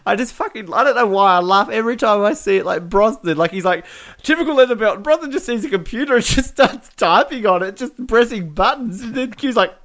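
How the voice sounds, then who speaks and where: A man's voice: high-pitched, lively intonation, a little fast, hardly any pauses, a bit bright. A man co-hosting a podcast, chatting casually about a film and laughing often as he retells scenes. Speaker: podcast co-host. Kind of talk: casual movie review chat.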